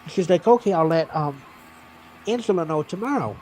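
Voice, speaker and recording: Mellow-voiced man telling work stories. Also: fairly high pitch, normal speed, slight background noise. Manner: animated anecdote telling, acting out other people's lines. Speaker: streamer. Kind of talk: casual storytelling on a livestream.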